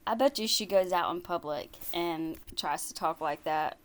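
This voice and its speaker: Slow, sarcastic woman reacting. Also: fairly low pitch. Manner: sarcastic and mocking. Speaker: reaction video host. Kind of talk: casual reaction commentary.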